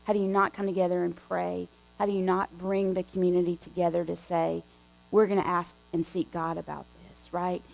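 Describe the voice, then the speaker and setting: Woman preacher, low gravelly voice, chatty animated storytelling, faint hum behind. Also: brisk, soft background music, rough recording. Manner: conversational, animated storytelling with frequent restarts. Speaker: guest preacher. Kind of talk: storytelling sermon. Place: church sanctuary.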